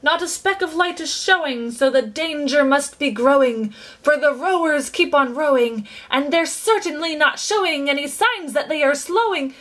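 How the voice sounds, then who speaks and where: A woman voicing an eccentric, excitable male chocolatier in a storybook reading, exclaiming in a sing-song way. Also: sits high, moderate pace, voice pushed up. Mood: gleeful.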